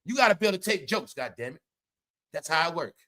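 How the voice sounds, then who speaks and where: Guy on a livestream going off, high bright voice, cussing and cracking up. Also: expressive, quick pace. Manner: loud, laughing, profane, repeats "all right?". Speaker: commentary livestream host. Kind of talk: casual livestream commentary.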